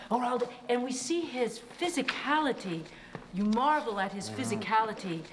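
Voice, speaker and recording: A woman's voice: on the high side, lively intonation, normal speed, crowd noise. Woman director coaching her actors. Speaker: film director. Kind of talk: directing actors and narrating a documentary.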